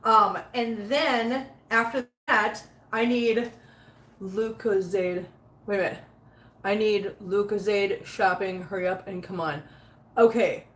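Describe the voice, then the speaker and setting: A woman's voice: medium pitch, steady tone, slow. A woman chatting casually with her live viewers while cleaning litter boxes at home, laughing often and talking to her cats. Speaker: cat vlogger reading live chat. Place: home with many cats, litter box area. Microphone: phone set up nearby. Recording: echoey room.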